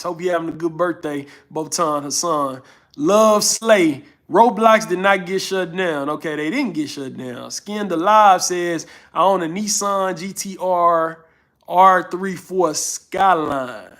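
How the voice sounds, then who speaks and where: A relaxed man in his thirties with a drawling northern Louisiana and Houston accent, hosting a casual live stream. His voice sits a little high for a man, and he talks in an easygoing way, reading comments aloud and thanking viewers as he goes. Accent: northern Louisiana and Houston Southern. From Houston, Texas. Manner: laid-back, drawling, thanks viewers often. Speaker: livestream host.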